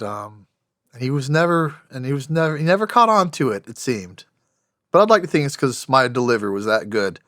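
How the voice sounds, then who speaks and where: A man's voice: medium pitch, a bit bright, no echo, clean studio sound. A man in his forties, a podcast guest and former special operations soldier, telling stories plainly and wryly, with frequent restarts. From United States. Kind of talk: storytelling in a podcast interview.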